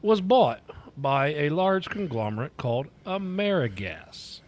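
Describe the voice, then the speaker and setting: A man chatting at home on a trucking podcast, blunt and quick to swear as he rants. His voice sits a little higher than most men's. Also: sing-song. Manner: blunt, profane ranting. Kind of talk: casual chat.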